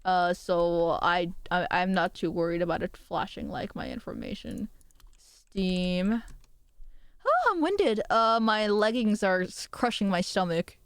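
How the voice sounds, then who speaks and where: Excitable young woman streamer, dry mic. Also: fairly low pitch, a little slow, clear, resonant tone, no echo. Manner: excitable, swears often, self-mocking. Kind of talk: casual stream chat.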